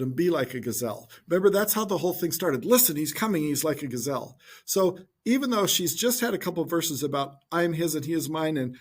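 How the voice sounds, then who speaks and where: A man giving an informal Bible teaching talk in a gentle, reflective way, thinking aloud as he goes. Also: on the high side, slightly rough.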